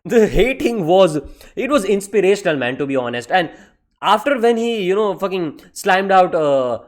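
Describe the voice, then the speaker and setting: Excitable, swearing man reviewing manga. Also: high voice, normal speed. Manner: excitable, profane, says "man" constantly; mocking voices for characters. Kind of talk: casual vlog review.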